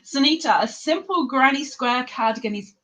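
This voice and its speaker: A woman's voice: mid-range voice, normal speed, fairly bright tone. An English woman with a non-London English accent, hosting a crochet livestream and chatting casually with viewers by name, laughing often. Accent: English, not London. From England. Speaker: crochet livestream host reading chat. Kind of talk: casual live chat.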